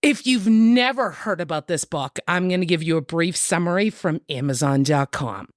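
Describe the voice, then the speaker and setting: Playful low-voiced woman host. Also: expressive, normal speed, dry recording, studio quality. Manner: playful, teasing. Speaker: podcast host. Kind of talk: casual chat.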